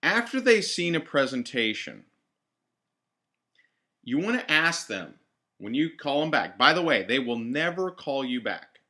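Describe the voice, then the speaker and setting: Brief: male trainer, bright tone, direct coaching delivery, repeats key lines for emphasis. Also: medium pitch, very animated, measured pace, long pauses. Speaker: network marketing trainer. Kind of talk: team training talk.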